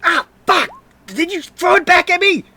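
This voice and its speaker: A rough gunslinger bellows in sudden pain and disbelief, his voice jumping far above its usual pitch, as a game master puts him on. The shouts come across a little distant from the microphone, in a streamed tabletop game. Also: big pitch swings, moderate pace, a little hiss or hum, exaggerated voice. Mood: outraged.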